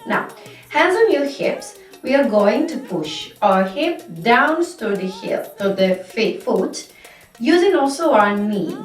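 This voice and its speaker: Slow patient woman teaching belly dance. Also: mid-range voice. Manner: slow, patient step-by-step instruction with counting. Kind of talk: instructional dance lesson. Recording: echoey room, mic at a distance, music behind. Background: music.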